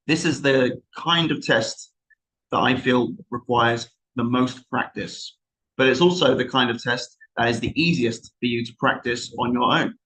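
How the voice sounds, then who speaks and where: A man's voice: medium pitch, measured pace, a bit bright, low-quality recording. A man from South England with a London accent, giving an unscripted online lesson as an exam tutor. He explains things at length in an encouraging way, often restarting his sentences.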